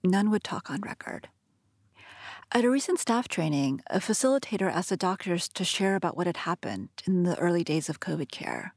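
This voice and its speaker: A woman reporter reading a calm, measured scripted narration. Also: on the low side, no echo, studio quality.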